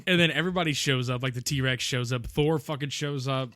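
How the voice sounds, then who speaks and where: A man co-hosting a podcast, recapping a film in casual chat, animated, laughing often and swearing casually. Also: medium pitch, a little fast, dry recording, studio quality. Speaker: podcast co-host.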